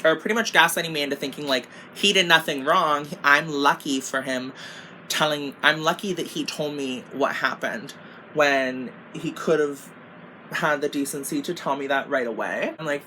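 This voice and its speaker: A woman's voice: low voice, moderate pace, bright, forceful tone, slight background noise. A young woman telling a storytime while doing her makeup, casual and exasperated, swearing constantly and saying "like" a lot. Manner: profane, exasperated and rambling, lots of "like". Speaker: beauty vlogger.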